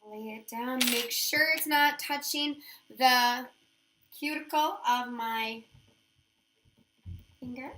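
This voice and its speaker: A chatty, upbeat woman walks through a nail wrap tutorial, talking as she works. Her voice sits high. It has a bright, forward ring. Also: slow pace, pauses often. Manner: chatty, upbeat, thinks aloud while working. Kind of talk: casual how-to demonstration.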